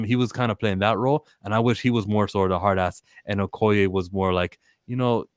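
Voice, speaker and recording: Man, low voice, dry close mic, lively podcast guest who acts out quotes. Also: fast, no echo. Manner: animated, acts out quotes from scenes. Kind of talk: casual movie discussion.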